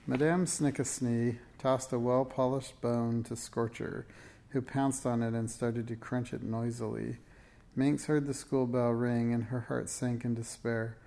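A man reads a children's storybook aloud at a steady, gentle pace. His voice is mellow and dark with a gravelly texture underneath. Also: mid-range voice, a little slow. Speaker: reader. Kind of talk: storybook read-aloud narration.

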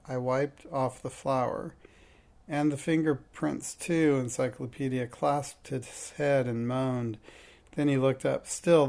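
A man reading a children's detective story aloud, steady and plain, now and then stumbling and correcting himself. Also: mid-range voice, creaky. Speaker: reader.

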